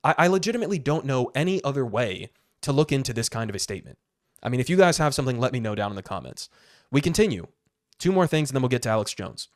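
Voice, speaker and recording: A man's voice: mid-range voice, very animated, fast talker. A man hosting political commentary, with a middle-range voice and a sarcastic, incredulous edge. He sounds close to the mic in a dry space with no echo.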